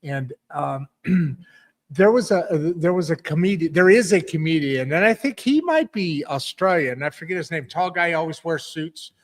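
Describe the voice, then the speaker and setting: A man's voice: a little high, expressive, normal speed. A man hosting a podcast, chatting casually in an upbeat, rambling way with plenty of ums and restarts. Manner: rambling, upbeat, lots of fillers. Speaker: podcast host. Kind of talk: casual chat.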